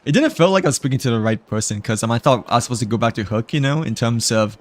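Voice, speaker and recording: A man's voice: medium pitch, expressive, rapid-fire. A man giving casual gameplay commentary, rambling with many fillers and little chuckles. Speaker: gamer.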